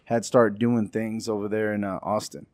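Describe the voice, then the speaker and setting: Low-voiced man telling comedy-career stories. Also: normal speed. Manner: lively storyteller who acts out quoted dialogue. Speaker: comedian and show producer, guest. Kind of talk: casual interview storytelling.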